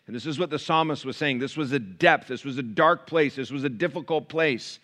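A male pastor delivers a sermon to his congregation in a church. His voice is bright and forceful, at an ordinary pitch for a man. He moves from quiet, intimate asides to loud, raised passages. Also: brisk, few pauses. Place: church sanctuary.

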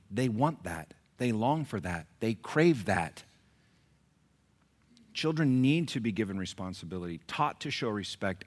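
Brief: male pastor, punchy sermon delivery, loud peaks and hushed asides, church congregation. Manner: emphatic preaching, swings from loud peaks to low asides; repeats phrases for emphasis.

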